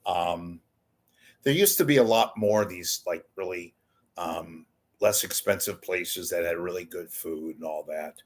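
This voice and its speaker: A man's voice: low voice, unhurried. A man hosting his own show, rambling casually and profanely with wisecracks. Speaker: show host. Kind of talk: casual livestream monologue.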